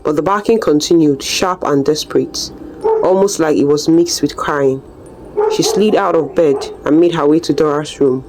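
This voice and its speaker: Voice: mid-range voice, moderate pace, noisy background. Suspenseful storyteller. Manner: dramatic, suspenseful reading. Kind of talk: scripted narration of a folktale.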